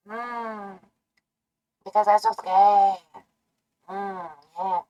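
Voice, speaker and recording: Woman, streamer, chaotic ASMR trolling, slow drawl, playful nonsense, soft murmurs then sudden shouts. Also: mid-range voice, muffled recording.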